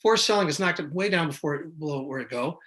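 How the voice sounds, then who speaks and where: Talking fast in a somewhat high, slightly bright voice with lively intonation, a middle-aged man who analyzes markets gives a rambling, casual explanation. He often restarts and corrects himself, and now and then imitates investors in a panic.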